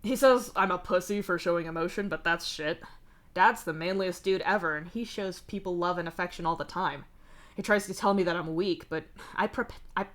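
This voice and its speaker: A blunt, foul-mouthed young man with a weary, deadpan edge, read aloud by a woman. He talks about his troubles in a wry, lowish voice. The delivery fits a livestreamed fanfic reading. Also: close to an everyday voice. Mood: candid. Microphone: streaming mic.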